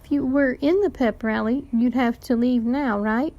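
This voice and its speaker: A woman's voice: on the high side, normal speed, a little mellow, lo-fi sound, close to an everyday voice. A woman reading a grumpy, burned-out middle-aged male teacher in a story read aloud. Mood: stern.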